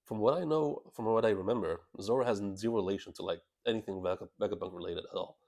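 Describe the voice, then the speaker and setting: A man reacting live to a comic chapter, excitable and quick to laugh, often stumbling and restarting words as he comments. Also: fairly low pitch. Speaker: channel host reacting to a manga chapter.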